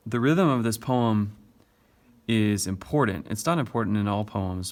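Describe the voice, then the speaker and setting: A man's voice: lowish voice, creaky. A male teacher explaining poetry step by step in a recorded lesson, tapping out the stressed beats as he reads.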